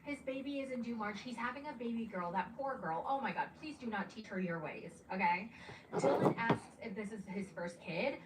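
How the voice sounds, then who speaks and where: A young woman giving a chatty, animated recap of a reality show, dropping into character voices. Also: a little high, brisk, far from the mic. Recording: echoey room, off-mic, noisy background.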